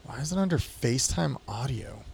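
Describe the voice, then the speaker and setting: A male podcast host with a mid-pitched voice who talks in loose, swearing, excitable banter. There is a faint hiss behind him. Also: fairly quick, vocal fry.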